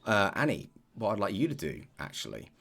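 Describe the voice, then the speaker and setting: A man narrating as dungeon master in a tabletop game, setting scenes in a measured way with frequent fillers. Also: lowish voice, huge pitch swings, vocal fry, pushed and bright, husky.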